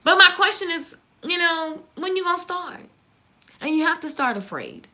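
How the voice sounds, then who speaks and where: A woman with a Southern US accent, chatting casually and fast to her viewers, joking and reacting to their comments. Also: extremely high pitch, sing-song, sharp tone. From Southern United States. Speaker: YouTuber. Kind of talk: casual live-stream chat.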